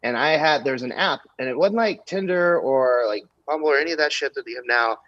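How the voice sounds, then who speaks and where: A man's voice: mid-range voice, a little fast, dry recording. Young male comic spinning a raunchy anecdote, dry and slightly dull recording. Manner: animated, crude anecdote telling with many fillers. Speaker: comedian guest. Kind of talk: storytelling on a podcast.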